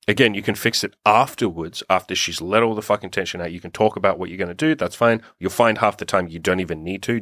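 A man's voice: low voice, fairly bright tone, no echo, clean studio sound. A young man giving casual dating advice as a coach, blunt and swearing freely, thinking aloud with small restarts.

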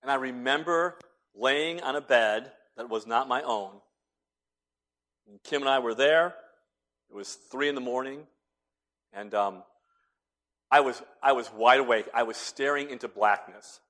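Preaching at a measured pace with frequent pauses, this middle-aged male pastor has a medium-pitched voice. He swings between near-whispers and loud, forceful proclamations.

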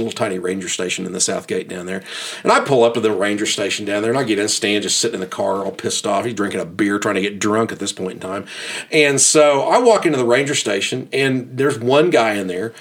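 A man telling a personal story in a casual, animated and exasperated way, often restarting his sentences. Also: lowish voice.

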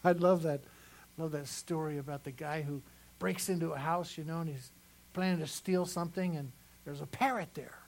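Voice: mid-range voice, steady tone, normal speed, poor audio. A pastor preaching a sermon in a conversational way, repeating phrases for emphasis at a church service.

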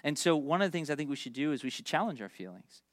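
A man in his thirties preaching a sermon, animated and jokey, telling stories with quick asides. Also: on the high side, no echo, clean studio sound. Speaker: pastor.

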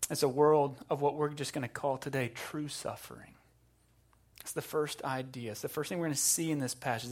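A man preaching a sermon, moving between quiet, intense passages and loud, impassioned ones. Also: a little high. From South Carolina. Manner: dynamic preaching, swinging from hushed to loud. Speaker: pastor.

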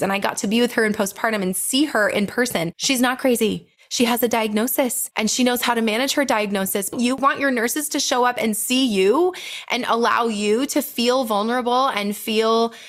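A woman's voice: on the high side, moderate pace. A young adult woman, a birth coach, telling a story in casual podcast chat with passionate, emphatic delivery.

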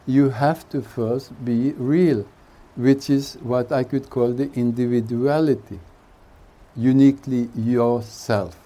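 A man teaches at a retreat in a mellow, warm voice, taking his time over each phrase. He chuckles softly between his thoughts and gives a relaxed satsang talk mixed with jokes. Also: mid-range voice, slow pace. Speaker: spiritual teacher. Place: retreat hall.

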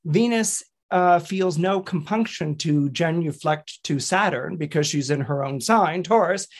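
A middle-aged man, an astrologer, explaining planetary aspects in a lively lecturing manner, rising in pitch on key words.

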